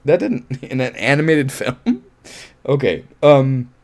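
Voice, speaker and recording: A man casually reviewing a film, animated and laughing often, with offhand swearing. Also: mid-range voice, slow pace. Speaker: movie reviewer.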